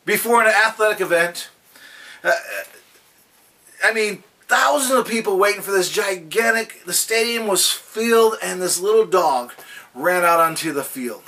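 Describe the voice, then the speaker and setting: A man with a high, bright and forceful voice gives a daily devotional, telling folksy anecdotes along the way. He sounds a little distant from the microphone. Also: measured pace. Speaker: devotional speaker.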